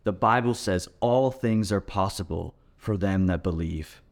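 Preaching at a measured pace, a man gives an earnest, emphatic sermon in a fairly low voice, pressing hard on every point.

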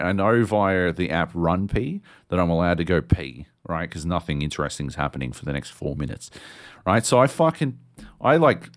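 A man, co-hosting a podcast and telling a story in an animated, swearing way. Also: sits low. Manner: animated, swears a lot, acts out voices. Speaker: podcast co-host. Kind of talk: casual storytelling chat.

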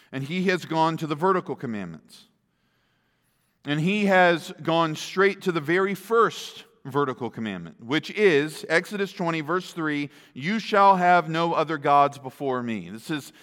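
Guy preaching, high voice, keeps asking right? isn't it?, bit of reverb. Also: a bit bright. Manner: emphatic, asks the listeners rhetorical questions. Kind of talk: sermon.

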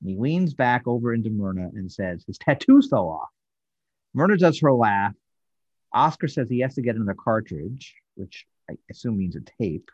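Husky, animated podcast host, a man. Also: medium pitch, normal speed, no room sound, muffled recording. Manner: animated storyteller, acting out quotes. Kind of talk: casual episode recap.

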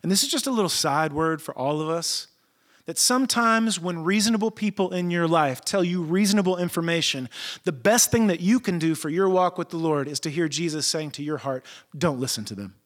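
Animated preacher, slangy storyteller. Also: male voice, a little high, a little fast. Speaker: pastor. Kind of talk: sermon.

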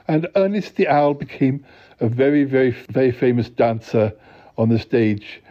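A man hosting a podcast who tells a comic bedtime story in a deadpan, rambling way, full of halting restarts. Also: mid-range voice. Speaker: podcast host. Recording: dull lo-fi recording.

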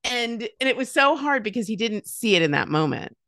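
Here a podcast guest, a fifty-something mother whose children are grown, speaks briskly in a voice on the high side. The studio recording is clean with no echo. Telling stories conversationally, she is warm, animates others' words with lively voices, and frequently starts over.

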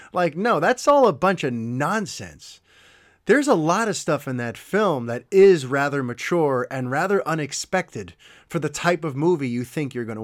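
A middle-aged man hosts his podcast and tells a story in an animated, enthusiastic way. His voice sits a little high for a man. He gets emotional at times and talks like a devoted fan. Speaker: podcast host. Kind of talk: casual storytelling monologue.

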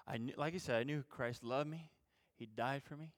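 Delivering a sermon at normal speed and medium pitch, this youth pastor is lively and casual. He alternates between loud, emphatic moments and quiet jokes at his own expense.

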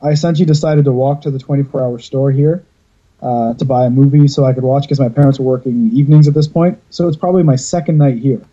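A man chats on a podcast over a video call, drifting through long stories with plenty of casual swearing. His voice is very dark and a little husky. The call audio sounds dull and lo-fi. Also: mid-range voice, fairly even intonation, quick pace. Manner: rambling storyteller, swears freely. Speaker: podcast host.

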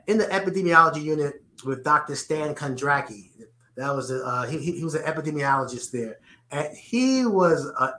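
With a sharp, slightly high voice in a reverberant room, a New York–accented guest from the Bronx answers interview questions earnestly. He tends to repeat words as he settles on his phrasing.

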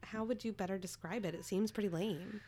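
A woman co-hosting a casual podcast, playful and joking, quick to apologize. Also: medium pitch, mellow, a little hiss or hum. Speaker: podcast co-host. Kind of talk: casual chat.

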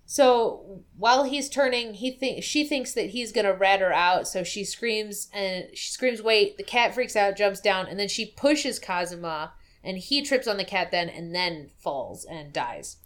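Woman, podcast co-host, casual, lively storyteller who acts out quotes. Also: medium pitch, measured pace, few pauses. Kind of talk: casual chat recapping a game.

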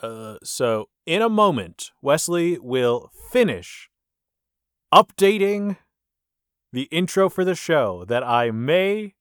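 Lively, slow-talking joking man. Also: a little high, smooth, dry recording, clean studio sound. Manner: jokey, laughs often while talking. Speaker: podcast co-host. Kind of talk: casual comedic podcast chat.

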